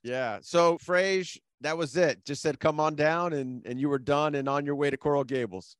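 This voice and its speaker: A man's voice: on the high side, moderate pace, dry recording. A man hosting a casual interview, asking questions with a friendly, teasing manner. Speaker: interview host.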